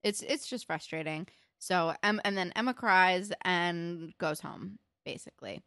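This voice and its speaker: A young woman chatting casually as a podcast co-host, recapping a TV episode, animated and peppering her talk with "like" and swearing. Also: fairly low pitch, measured pace, clear, resonant tone, no room sound, studio quality. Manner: animated, swears a lot, many likes.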